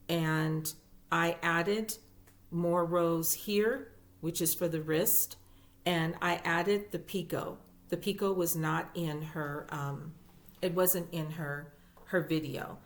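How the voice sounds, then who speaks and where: Woman vlogger, low voice, slow unhurried delivery, gushing and chatty. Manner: chatty and gushing, with fillers and repeats. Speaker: crochet YouTuber. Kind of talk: casual show-and-tell vlog.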